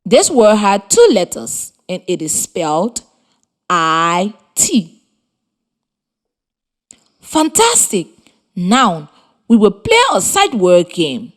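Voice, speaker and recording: Lady teaching kids over the radio, real slow and careful, voice goes up and down a lot. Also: mid-range voice, big pitch swings. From Liberia. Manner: slow, deliberate, encouraging instructions. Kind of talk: scripted radio lesson for children.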